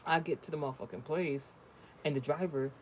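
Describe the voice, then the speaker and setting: Guy doing a spiritual reading, kinda high voice, cusses a lot, super blunt, slight background hiss. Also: fairly even intonation, brisk, darkish tone. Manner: profane, blunt, storytelling. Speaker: spiritual reader. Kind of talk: casual spiritual reading monologue.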